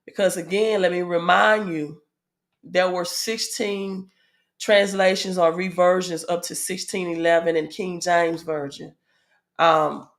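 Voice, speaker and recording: Southern woman, casual spiritual teacher, slow measured delivery with fillers. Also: fairly low pitch, fairly even intonation. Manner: asks the audience "right?" often; unhurried with frequent "um" fillers.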